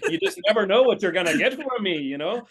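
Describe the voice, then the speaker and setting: A man guesting on a sports podcast talks in a relaxed, rambling manner. His voice sits high and swings up and down a lot. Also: fast talker, husky. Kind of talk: casual sports chat.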